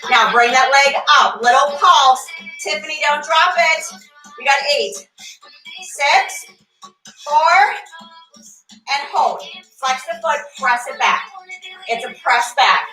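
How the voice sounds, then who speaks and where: Bright-voiced woman coaching a barre class. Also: high-pitched, lively intonation, measured pace. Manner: upbeat, counts reps aloud, chats with class members by name. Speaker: fitness instructor. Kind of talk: live-streamed workout class cueing. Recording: echoey room, voice from far off, faint music.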